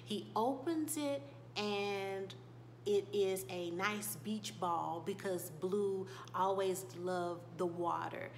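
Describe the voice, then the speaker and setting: A woman's voice: medium pitch, takes it slowly, slight background noise. A young woman gossiping animatedly through a TV episode recap, with laughing asides, on a desk microphone. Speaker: TV show reviewer. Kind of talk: casual recap vlog.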